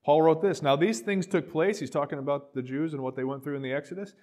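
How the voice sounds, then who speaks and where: Male pastor, middle-aged, high tenor, lively sermon delivery with acted-out dialogue. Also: fast talker. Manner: animated preaching, acting out quoted voices, dropping to quiet asides.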